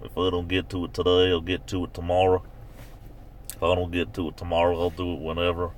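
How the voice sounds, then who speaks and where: A man doing an easygoing West Virginia man with a West Virginia accent and a slow, unbothered drawl. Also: sits low, completely flat delivery, distant mic, slight background noise, natural voice.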